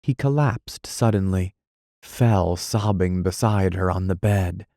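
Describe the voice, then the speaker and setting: A man narrating an audiobook in a measured, dramatic reading style. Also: sits low, creaky, warm tone, dry recording, clean studio sound.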